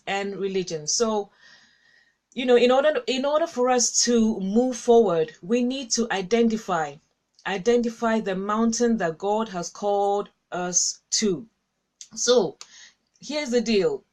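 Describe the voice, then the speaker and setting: A woman hosting a casual Christian livestream, chatting with viewers, reading their comments aloud and laughing often. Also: on the high side. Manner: warm, chatty, laughs often, repeats herself. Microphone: webcam or phone with a cable.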